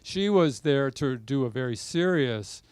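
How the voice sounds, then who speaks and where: A man interviewing an author, setting up questions in a measured way with a lot of hesitation. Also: mid-range voice, lively intonation, darkish tone, clear, resonant tone, no room sound.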